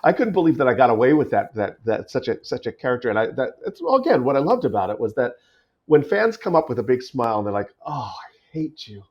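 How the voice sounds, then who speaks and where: A man's voice: medium pitch, very animated, fast. A middle-aged man talks through his career in a podcast interview, circling back on himself with lots of stammered restarts. His voice sits in an ordinary middle range, and the audio comes across dull and lo-fi. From United States. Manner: thoughtful, many restarts and repeated words. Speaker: guest actor.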